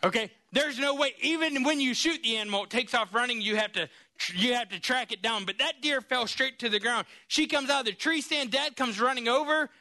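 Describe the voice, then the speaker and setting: A man preaching a sermon, telling a story in an animated, lively way. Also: very high voice, a little fast.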